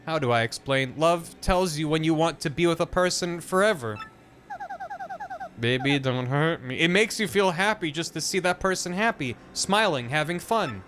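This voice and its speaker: A man doing a high, feisty young princess. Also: animated, moderate pace, fairly bright tone. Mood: earnest.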